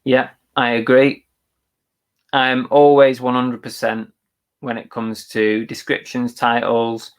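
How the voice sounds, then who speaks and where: A man's voice: medium pitch, little pitch movement, slow pace. A man co-hosting a live reselling show, chatting casually and reading out viewer comments. He talks in an agreeable, thinking-aloud way.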